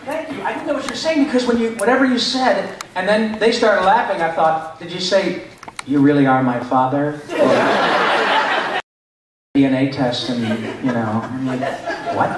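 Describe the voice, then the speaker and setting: At a Q&A in a large convention hall, a middle-aged Michigan voice actor banters with fans and fields their questions. He sounds high and expressive at a normal speed, recorded from a distance in the echoey space with background noise.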